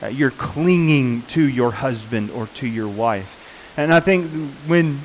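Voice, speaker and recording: A man preaching a sermon in an unhurried, earnest way, often pausing with fillers and restarting his sentences. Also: mid-range voice, expressive, slight background noise, low-quality recording.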